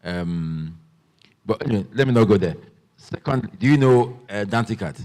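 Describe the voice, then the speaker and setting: A man's voice: on the low side, animated, moderate pace, a little mellow. Hesitant man questioning an author. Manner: hesitant, many fillers and restarts. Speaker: moderator asking questions. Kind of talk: festival Q&A. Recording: long reverb in a large hall.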